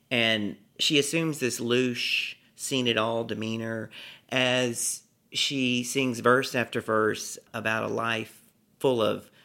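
A middle-aged man from Texas tells a personal story with a storyteller's flair. His voice is gravelly and sharp-edged. He savors each phrase and plays it for a laugh. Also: medium pitch. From Texas, USA. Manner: lively, theatrical, savors words. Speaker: comedic storyteller, author. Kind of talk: vivid personal storytelling in an interview.

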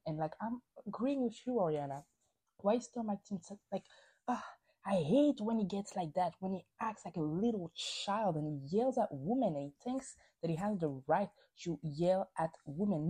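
A woman's voice: fairly low pitch, animated, brisk, warm tone, slightly rough. A woman hosting a podcast, recapping reality TV in a casual, opinionated way, swearing freely and acting out quotes. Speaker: podcast host.

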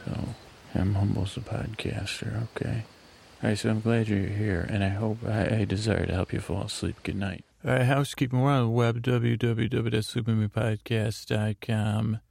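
A man hosting a sleep podcast in a soft whisper, rambling and interrupting himself while out on a night walk. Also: on the low side, fairly even intonation, moderate pace, gravelly. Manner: whispering, meandering and self-interrupting. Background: crickets chirping.

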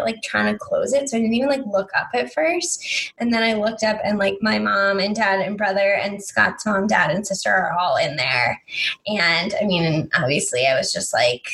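A woman's voice: mid-range voice, poor audio. A young woman telling a personal story in casual chat, talking in a chatty way with lots of fillers and quoting what people said. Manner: chatty, lots of "like", animated retelling with quoted voices.

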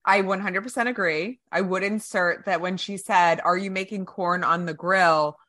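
A woman's voice: on the low side, steady tone, moderate pace, bright, forceful tone. A woman guesting on a podcast, talking casually with emphatic, dramatic asides. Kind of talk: casual chat.

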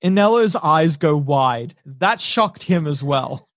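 Dude running a tabletop game, kinda high voice, dry close mic. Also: male voice, slow pace, no echo. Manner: steady descriptive narration. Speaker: game master.

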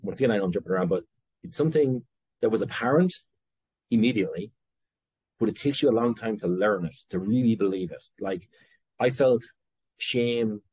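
A man's voice: lowish voice, a little fast, long pauses, darkish tone, breathy edge, no room sound. A man with an Irish accent, talking candidly as a guest in an interview, rambling and interrupting himself as he goes. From Ireland. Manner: rambling, self-interrupting, candid with casual swearing. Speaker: guest entrepreneur. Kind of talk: conversational interview.

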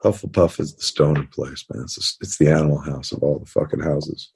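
A laid-back man on a casual podcast who jokes with crude, profane banter. His voice has a husky, slightly rough edge at a mid pitch. He sounds loose and teasing. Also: a little fast, darkish tone. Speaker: podcast co-host.

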